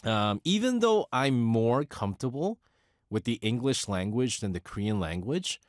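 A radio host in his forties with a New York accent talks casually with a listener. His delivery swings up and down in pitch, and he often laughs and restarts his sentences. The sound is dry and close. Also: normal speed, dry recording. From United States. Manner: animated, chatty, laughs often, self-correcting. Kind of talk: casual radio talk, answering a listener letter.

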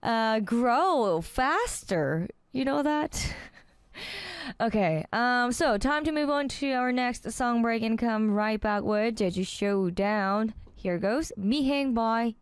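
A woman's voice: a little high, lively intonation, takes it slowly, smooth, no room sound. A woman hosting a radio show, chatting casually and cheerfully and laughing often. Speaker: radio host. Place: radio studio.

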